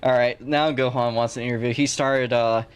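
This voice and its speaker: A man's voice: medium pitch, steady tone, normal speed, clear, resonant tone. Joking casual stream host, a man. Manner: joking, offhand, loose questions. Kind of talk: casual live-stream interview.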